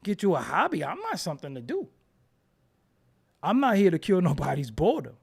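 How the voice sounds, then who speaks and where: A man's voice: high-pitched, a little fast, creaky, husky. A man in a casual, profane rant, talking emphatically and repeating himself when heated. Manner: animated, emphatic, swears freely, repeats words when heated.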